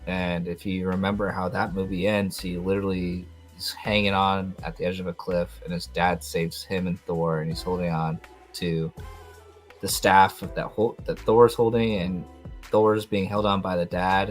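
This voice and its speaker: A young man hosting a podcast, recapping a TV episode in a rambling, excitable way with lots of fillers. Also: low-pitched. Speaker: podcast host.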